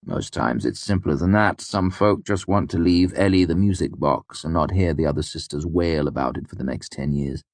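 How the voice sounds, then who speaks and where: A man's voice: a bass voice, moderate pace, few pauses, dry recording. A man reading the part of a patient, worldly innkeeper, wry and knowing in tone.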